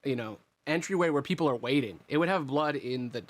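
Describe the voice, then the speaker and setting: A young man running a tabletop game as its game master, his voice sitting at an ordinary middle pitch. He narrates in a loose, casual way, swearing now and then and thinking out loud. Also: lively intonation, brisk.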